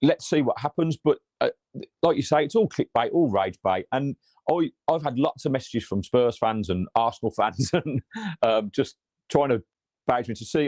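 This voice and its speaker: A man in his forties speaks in a measured, earnest way during a casual football chat, often repeating words as he starts a sentence. His voice sits at an ordinary mid pitch. It is recorded close and dry, with almost no room sound. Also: expressive, a little mellow, dry recording. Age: 40s. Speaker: football fan podcast co-host.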